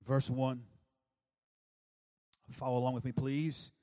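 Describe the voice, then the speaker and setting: A man preaching a sermon with emphasis, swinging from loud declarations to soft, low asides and calling on the congregation to answer aloud. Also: little pitch movement, slow pace. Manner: urges the congregation to respond aloud.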